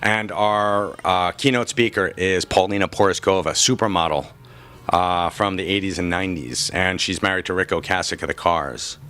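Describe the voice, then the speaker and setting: A man's voice: deep voice, normal speed, sharp tone. A man working in a comic shop, answering interview questions in a chatty, joking way, with frequent restarts. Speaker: comic shop worker and podcaster.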